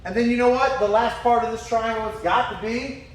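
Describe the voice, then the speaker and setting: A man's voice: very high voice, a little fast, far from the mic. A man giving a motivational talk, telling a story with animation and frequent laughs. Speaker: motivational speaker. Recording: roomy echo, voice from away from the mic.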